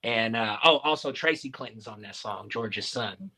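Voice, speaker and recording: A hip-hop artist man chatting loosely in an interview, his voice bright and forward. He rambles a little, full of fillers, and laughs easily. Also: on the low side, moderate pace, poor audio. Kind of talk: casual interview chat.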